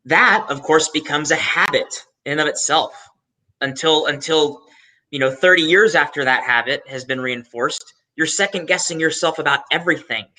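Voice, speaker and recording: Guy on a video call, super bright tense voice, lots of ums and false starts. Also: on the high side, normal speed, poor audio. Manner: hesitant, many ums, restarts. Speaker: panelist. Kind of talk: casual chat.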